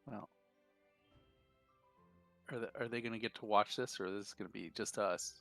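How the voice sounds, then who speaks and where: Brief: male tabletop player, gravelly texture, mid pitch, laid-back delivery, faint music behind. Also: fairly even intonation, moderate pace, a bit bright. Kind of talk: casual tabletop play.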